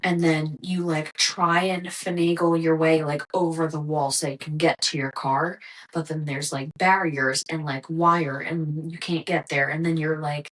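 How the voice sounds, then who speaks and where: A woman's voice: deep voice, steady tone, measured pace, low-quality recording. A young woman hosting a podcast, ranting in a casual, exasperated monologue full of swearing. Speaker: podcast host.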